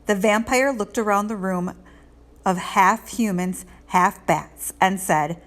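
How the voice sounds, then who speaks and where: A woman reads a children's picture book aloud, narrating with an expressive, lilting lift. Her voice sits at an ordinary middle pitch for a woman. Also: slow. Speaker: read-aloud host. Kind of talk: children's storybook read-aloud.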